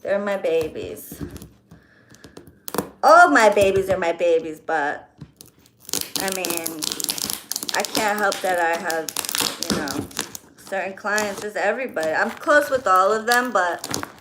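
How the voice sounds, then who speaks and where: Chatty woman vlogger, slow and gushy, lots of loud paper crinkling in the background. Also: mid-range voice. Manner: chatty, gushing, squeals when excited. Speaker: spiritual reader for clients. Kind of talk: casual vlog, unboxing gifts. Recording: crinkling packaging noise.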